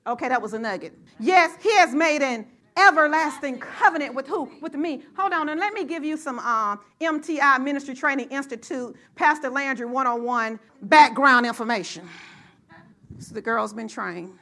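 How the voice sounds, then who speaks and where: A woman pastor with a high-pitched voice preaches to her church at normal speed, growing excited and rising to shouts as she calls out to the congregation.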